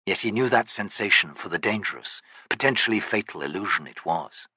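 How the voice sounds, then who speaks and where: A man narrates a fantasy audiobook with a bright, husky voice and a lively, expressive melody. His reading is measured and storytelling in manner. The recording is close and dry. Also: on the low side, no room sound.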